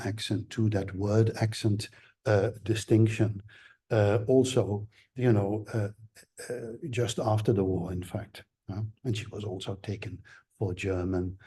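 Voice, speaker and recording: A man giving an academic seminar lecture, explaining things in a measured way. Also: lowish voice, mellow, slightly rough.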